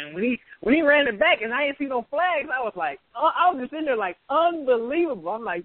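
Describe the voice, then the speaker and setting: Excited high-voiced man on a tinny line. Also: quick pace, few pauses, dry recording. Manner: excited, animated storytelling with laughter. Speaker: podcast co-host. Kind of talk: casual sports chat. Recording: tinny phone-like sound.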